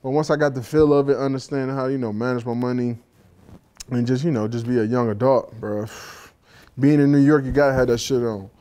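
A laid-back man in his thirties hosts a casual chat among friends. His voice is mellow and warm, and his pitch sits in the middle. He talks in easy slang and swears freely. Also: steady tone, a little fast, smooth. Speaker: talk show host.

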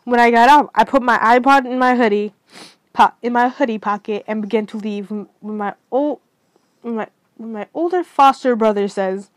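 A young woman reading her own fan story aloud, halting with frequent restarts and slips. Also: on the high side, no echo, low-quality recording. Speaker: fan fiction reader.

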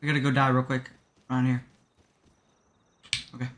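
A young man streaming a survival game, excitable and trolling, jumping between yelling and muttering. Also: mid-range voice, normal speed, background noise. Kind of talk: livestream gaming chatter.

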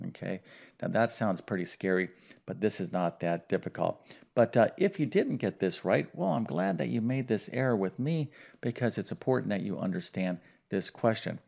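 Gravelly upbeat man teaching math. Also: fairly low pitch, normal speed, a little mellow, muffled recording. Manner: emphatic, upbeat teacher talk with many okays and fillers. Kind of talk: online math lesson.

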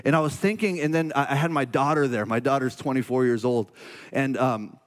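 A man in his forties, a pastor, preaching a sermon in an earnest, halting way that turns emotional and confessional. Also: medium pitch, big-room sound.

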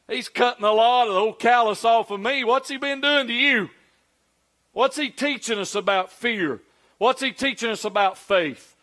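High-voiced pastor preaching. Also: male voice, fairly bright tone. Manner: conversational preaching, stream of rhetorical questions. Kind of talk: sermon.

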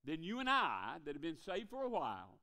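A preacher with a bright, forceful voice, pitched a bit high for a man. He preaches a revival sermon in a church, folksy and conversational, calling out for amens and sinking to a near-hush when he presses a point. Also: huge pitch swings, a little fast. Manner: folksy, calls for amens, drops to a hush for emphasis.

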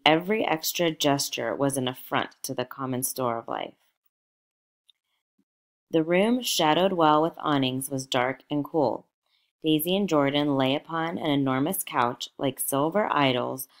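A woman narrating a novel aloud in a measured, expressive storytelling manner. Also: extremely low pitch. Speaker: audiobook narrator.

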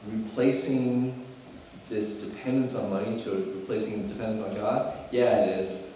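A man preaching a sermon as pastor, animated and building to emphatic bursts, often restarting his phrases. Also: on the low side, slight background noise. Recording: echoey hall, mic at a distance.

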